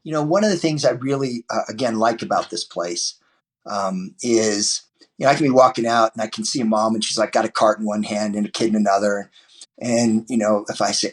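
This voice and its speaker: A man's voice: medium pitch, fast, husky. A man, a martial arts teacher, talking as a podcast guest in a loose, rambling way with many restarts and fillers. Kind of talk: podcast interview guest, casual talk.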